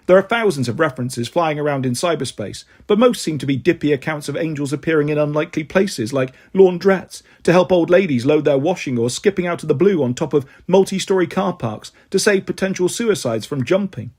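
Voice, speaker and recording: A man narrates a novel aloud as an audiobook, shifting expressively between the characters. His voice is husky and sits a little high for a man. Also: brisk, few pauses. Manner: expressive reading, voicing characters. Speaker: storyteller.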